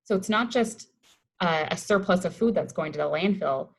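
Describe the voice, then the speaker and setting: Lower-pitched woman from Colorado, educator presenting a webinar over a video call, enthusiastic and chatty. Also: normal speed, creaky, low-quality recording. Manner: upbeat, conversational, enthusiastic about the topic. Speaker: waste-reduction educator.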